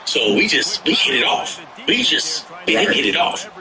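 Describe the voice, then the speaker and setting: A man telling tour stories in a casual chat, animated and slangy, swearing freely and breaking into loud outbursts. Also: a little high, a little slow, a crowd in the background, low-quality recording. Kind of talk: casual storytelling.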